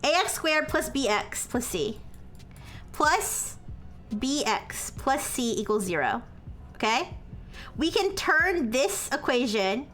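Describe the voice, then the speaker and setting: A high, bright woman's voice that walks through equations at an unhurried pace, checking in after each step and turning flustered and apologetic when her chat corrects her. Faint music plays softly behind her. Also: sing-song. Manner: explains step by step with frequent "okay?" and "all right?" checks; self-described as highly caffeinated. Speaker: streamer working through a math problem. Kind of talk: live-stream explaining math to chat.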